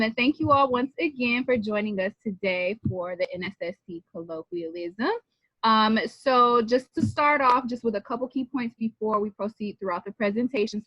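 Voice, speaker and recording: A woman's voice: on the high side, a bit bright, no room sound. A woman presenting on a video call, walking students through a colloquium agenda in a friendly, chatty way with frequent ums. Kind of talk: casual presentation. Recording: dry, muffled video-call audio.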